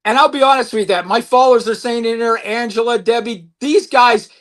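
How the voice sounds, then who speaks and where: A man chatting about his acting auditions in an excitable way, laughing often and repeating his words. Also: very high-pitched, a little fast. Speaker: actor guest. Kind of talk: casual chat.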